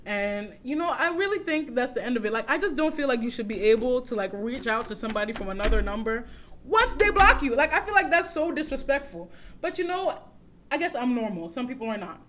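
A woman podcast co-host with a slightly high voice talks fairly quickly, with a little hiss or hum in the audio. In casual chat she tells a dating story, laughing often and acting out the quoted texts with animation.

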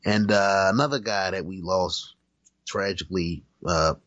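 A man's voice: low-pitched, a little slow, a bit bright, dull audio. A man co-hosting a podcast, chatting loosely about movies with plenty of profanity and fillers. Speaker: podcast co-host. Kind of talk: casual chat about movies.

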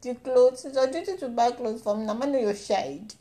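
Animated Nigerian woman, comic rant. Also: on the high side, fairly quick. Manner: animated, mixes pidgin and Yoruba, mock-indignant complaining. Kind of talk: comic monologue.

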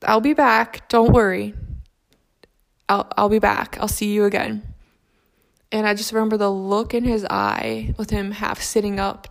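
A young adult woman telling a personal story about grief in a soft, reflective, halting way. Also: medium pitch.

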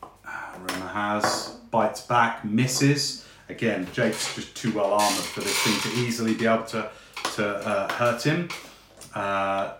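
Man, game master, relaxed chatty narration, echoey room. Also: lowish voice, slow. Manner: relaxed, chatty, with frequent fillers. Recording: echoey room with faint noise.

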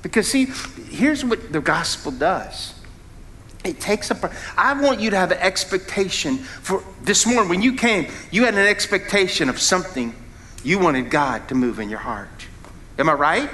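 A middle-aged man preaching a sermon as a founding pastor. He preaches with an animated delivery, jumps suddenly in pitch and volume, and asks the congregation questions. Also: moderate pace, a little hiss or hum.

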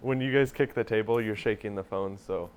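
A young man co-hosting a podcast, chiming in with quick playful interjections. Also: on the low side, a little hiss or hum, low-quality recording. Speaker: podcast co-host. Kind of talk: casual group chat.

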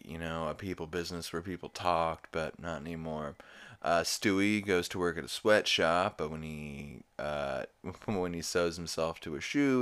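A young man with a very low, smooth, clear voice recaps a cartoon episode in a loose, rambling way. He swears freely and laughs at the jokes as he goes. He sounds like a casual podcast host. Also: fairly bright tone. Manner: rambling, profane, laughs while retelling.

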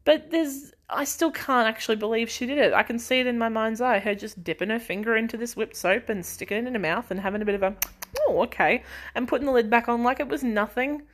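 A woman's voice: a little high, quick pace, hardly any pauses. A young woman, casually rambling through family stories as a podcast host, laughing and sighing often. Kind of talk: casual chat.

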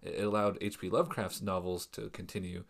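A man co-hosting a podcast in casual chat, thoughtful and hesitant, often pausing and restarting. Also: sits low, level tone, creaky. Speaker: podcast co-host.

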